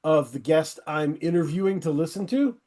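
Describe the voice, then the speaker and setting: A man's voice: a little high, animated, normal speed, darkish tone. A middle-aged man hosting a podcast, chatting casually and eagerly recommending music to his guests. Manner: enthusiastic, rambling recommendations. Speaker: podcast host. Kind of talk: casual interview chat.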